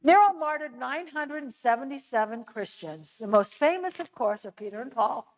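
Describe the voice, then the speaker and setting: A woman's voice: high-pitched, expressive, normal speed, poor audio. An American woman giving a conversational church lecture on scripture, explaining with casual asides. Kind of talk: church adult-education lecture.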